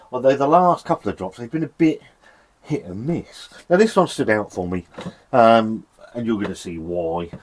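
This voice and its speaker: A man's voice: fairly low pitch, a little mellow. A man from England casually reviewing a beer in a cold shed, chatty and sweary, rambling with self-deprecating laughs. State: shivering from the cold.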